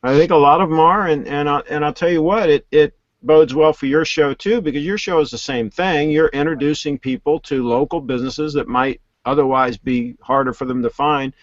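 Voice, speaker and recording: A man's voice: a little high, a little fast, hardly any pauses, no echo. A man calling in as a guest, chatting casually about his websites with frequent restarts. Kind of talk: casual call-in chat. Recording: dull dry phone-line sound.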